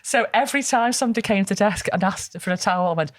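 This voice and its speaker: A woman's voice: mid-range voice, fast, no room sound, clean studio sound. A woman co-hosting a podcast in casual banter, teasing and laughing often. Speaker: podcast co-host.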